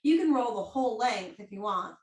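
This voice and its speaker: A woman's voice: on the high side, lively intonation, brisk. A woman leading a casual instructional class on self-massage, talking in a chatty, jokey way with frequent ums. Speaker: movement and bodywork instructor. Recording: roomy echo.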